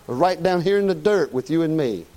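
A man's voice: a little high, expressive, moderate pace, warm tone, rough recording. A man preaching a sermon to a congregation in a church, emphatic and folksy, firing off rhetorical questions and calling for amen.

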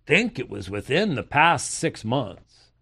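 A man's voice: medium pitch, big pitch swings, slow pace, creaky, sharp tone, husky. An older man preaching, reading long quoted passages and breaking off with pointed rhetorical questions and sarcastic asides. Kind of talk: sermon reading aloud from historical sources.

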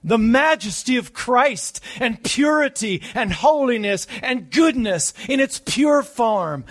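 A man delivers a sermon in a slightly husky voice that sits a little above the usual pitch for a man. His delivery swings between loud, urgent peaks and soft, hushed stretches. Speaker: preacher.

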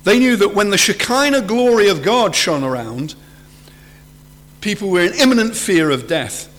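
High-voiced man preaching in a reverberant hall. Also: expressive, normal speed, fairly bright tone. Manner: earnest, rises high to act out quoted fear. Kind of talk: sermon.

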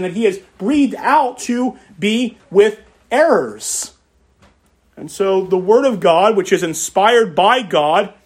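A man with a fairly high voice preaching from the pulpit. He reads scripture aloud, then presses his point by repeating key phrases with emphasis. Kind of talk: expository sermon.

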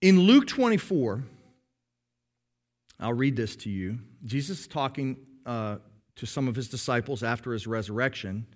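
Delivering a sermon in an animated, medium-pitched voice, this pastor patiently explains things to his congregation. He slows down whenever he wants to stress a key phrase.

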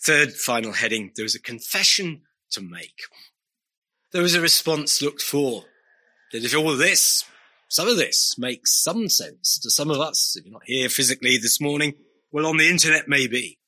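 Male preacher, bright ringing tone, earnest, asks pleading questions throughout a sermon. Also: a little high, normal speed.

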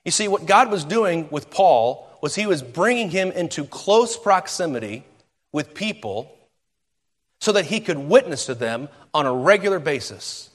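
A male pastor preaching a sermon in an animated, conversational way, with quick asides and restarts. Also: on the high side. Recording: long reverb of a large hall.

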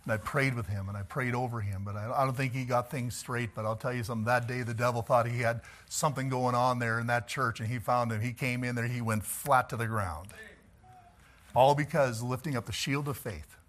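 A male pastor preaching a sermon, telling stories in an animated way and chuckling as he goes. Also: medium pitch, brisk.

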